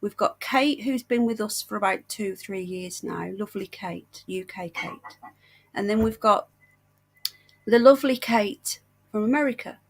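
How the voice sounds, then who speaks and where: A woman's voice: mid-range voice, a little slow. A British woman hosting a casual livestream chat, unwell and short of breath, chatty and affectionate with viewers. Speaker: livestream host.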